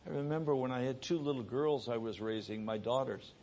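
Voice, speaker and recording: A middle-aged man preaching a sermon, moving between raised, urgent delivery and hushed, soft passages. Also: mid-range voice, steady tone, a little fast, slight background noise.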